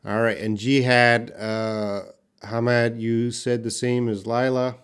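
Guy teaching english live online, real slow and patient, quizzing the chat. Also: mid-range voice, level tone, smooth. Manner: slow, patient, reads sentences aloud and quizzes viewers.

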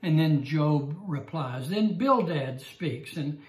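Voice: mid-range voice, animated, takes it slowly, echoey room. A Bible class teacher giving an evening lesson and telling a joke with chuckles and restarts.

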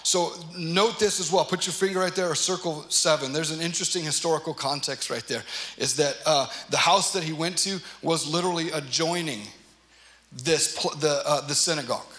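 Male pastor, high bright voice, earnest emphatic sermon, echoey church hall. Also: brisk. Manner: earnest, emphatic, acts out quoted lines. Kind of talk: sermon teaching through scripture.

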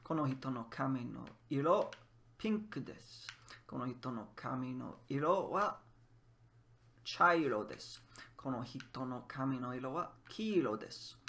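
A man's voice: mid-range voice, expressive, moderate pace, gravelly, a bit bright. A man casually teaching Japanese words while playing a game, laughing often and drilling phrases by repeating them. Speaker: language teacher. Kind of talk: casual gameplay lesson.

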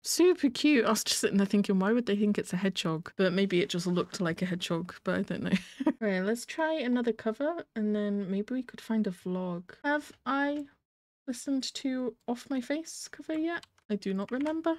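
A woman's voice: medium pitch, animated, moderate pace, darkish tone, no room sound. A woman hosting a reaction video, chatting casually and gushing with giggles as she thinks aloud.

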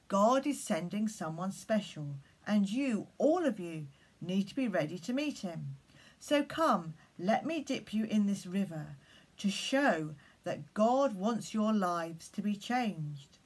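A fiery prophet calling out urgent, insistent warnings, as a woman puts him on while reading a children's story. The delivery is slow and deliberate, with a husky, breathy edge. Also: mid-range voice.

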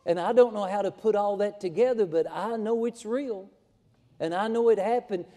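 A man's voice: sits high, normal speed, warm tone, big-room sound. A man preaching a sermon in a folksy, emphatic way, building to fervent passages. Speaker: pastor. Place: church sanctuary.

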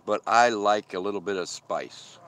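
Eating as he talks, a van-life vlogger rambles chattily through a live stream from a desert campsite and reads out what viewers comment. His fairly low voice is a bit bright and moderately paced, with slight background noise.

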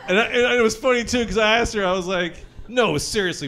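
A young man performing a crude, animated stand-up set at a brewery show, acting out panicked voices in his stories. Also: sits high, brisk. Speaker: stand-up comedian.

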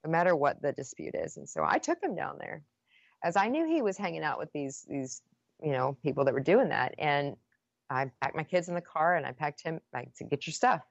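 A woman's voice: deep voice, big pitch swings, brisk, creaky, no echo, highs cut off. A woman guest on a podcast, earnestly retelling a painful personal story with many restarts.

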